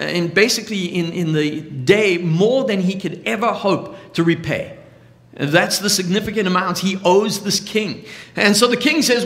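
A man's voice: high voice, fairly bright tone. A middle-aged man preaching a sermon as a pastor, telling stories earnestly. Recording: long reverb of a large hall.

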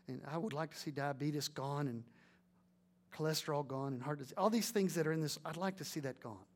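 A man preaching a sermon with emphatic delivery and many rhetorical questions, then leading a prayer. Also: on the high side.

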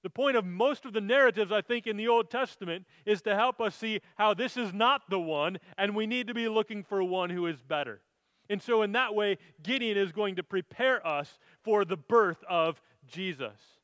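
A man's voice: high voice, moderate pace, fairly bright tone, no room sound. A man preaching a sermon, reading scripture aloud and explaining it in an earnest way. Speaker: pastor.

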